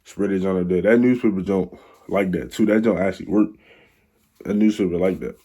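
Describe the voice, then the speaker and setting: A man's voice: sits low, normal speed, mellow, breathy edge. A young man telling a rambling, slang-filled story in a casual storytime vlog. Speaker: vlogger.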